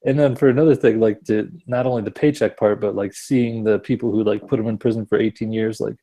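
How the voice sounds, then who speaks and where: A podcast co-host from Wisconsin chats casually in a lowish, dark-toned voice with fairly even intonation. He talks fast yet sounds laid-back and thoughtful, using fillers and laughing easily.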